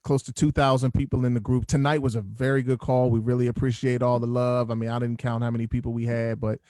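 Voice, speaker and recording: A man hosting a group video call, joking and chatty from a dark room at home. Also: mid-range voice, level tone, quick pace, dry recording, clean studio sound. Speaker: host. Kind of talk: casual video call chat. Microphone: headphones on a video call.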